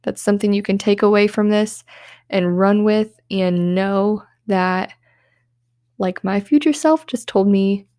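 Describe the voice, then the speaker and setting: A woman's voice: mid-range voice, a little slow, dark tone, no room sound. A young woman hosting a self-help podcast, talking in an earnest, heartfelt way with many "like"s, close to tears. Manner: earnest, heartfelt, uses "like" often. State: tearful, on the verge of crying. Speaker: podcast host.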